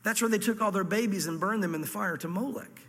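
Southern guy preaching, high bright voice, chatty bible teaching, big echoey church hall. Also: fast talker. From Virginia, USA. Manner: conversational Bible teaching with folksy asides. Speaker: pastor. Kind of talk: sermon. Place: church hall before a congregation.

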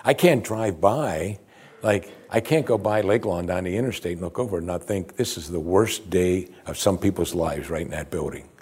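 A man's voice: low-pitched, moderate pace, darkish tone, breathy edge. A male pastor preaching a sermon in a conversational, expository way, with emphatic rises.

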